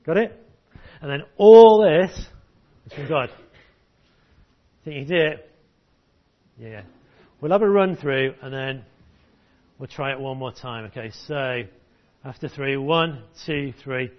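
During a church service, a pastor with a slightly high voice preaches unhurriedly, the audio dull. He leads children through a memory verse using encouraging call-and-response.

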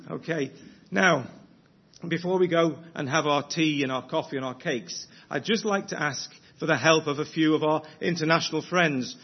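A man's voice: a little high, moderate pace, reverberant. A man leading a church prayer, then hosting a gathering with encouraging remarks. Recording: dull lo-fi with faint hiss.

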